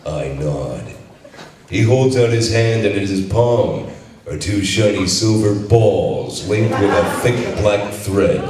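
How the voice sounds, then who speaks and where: An actor voicing a brash, cocky male action hero with a deep, gravelly drawl at a live convention panel, heard from far off in an echoey hall. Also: lively intonation, slow, noisy background. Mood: gruff deadpan.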